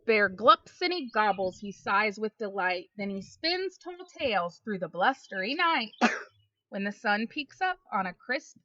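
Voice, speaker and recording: A woman reading a picture book aloud to young children, slow and expressive, chatting with them between pages. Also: medium pitch, dry recording. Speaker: storybook reader. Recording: dull, lo-fi home recording.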